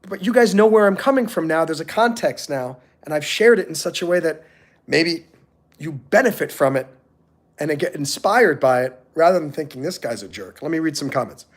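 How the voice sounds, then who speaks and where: A middle-aged man on a motivational live stream, telling animated stories and acting out the people he quotes. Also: a little high, normal speed.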